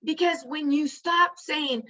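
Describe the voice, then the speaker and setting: A woman's voice: sits high, slow, sharp tone, dull audio. A woman giving an earnest, emphatic motivational teaching, repeating phrases for stress. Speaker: spiritual teacher.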